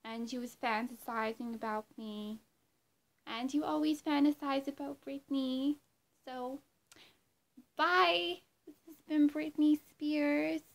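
A flirty pop-star diva played by a woman doing an impression, sweet and doting, who cooes and sends kisses. The delivery is slow and a touch high, with a gravelly edge under the breathiness. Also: heavily acted. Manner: cooing, sends kisses, talks of herself by name.

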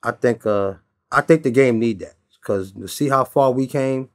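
A man from New York, guest on a casual interview, tells stories in a loose, laid-back way and keeps dropping in "you know what I'm saying." His voice is medium in pitch, his pace normal, and there's no room sound at all.

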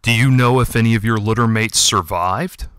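A menacing tomcat, put on by a man reading aloud speaks from the shadows in a slow, hissing, scoffing drawl. The voice sits a little low but bright and sharp, with a smooth, crisp edge. It sounds close and dry, with no room around it. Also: no echo, natural voice. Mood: snide, menacing. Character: snide menacing male cat pack leader in shadows. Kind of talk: audiobook character voice.

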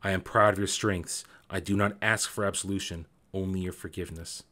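A man reading aloud as a remorseful ghost of a father, speaking softly and mellowly in a deeper voice than his own. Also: fairly even intonation, brisk. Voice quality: soft-spoken, hushed.

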